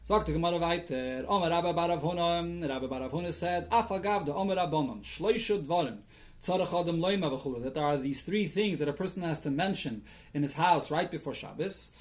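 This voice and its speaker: A man's voice: on the high side, a little fast. A man teaching a daily Talmud lesson as a rabbi, reading the Aramaic text and explaining it in English sprinkled with Yiddish and Hebrew terms, thinking aloud as he goes. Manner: thinks aloud, with restarts and fillers.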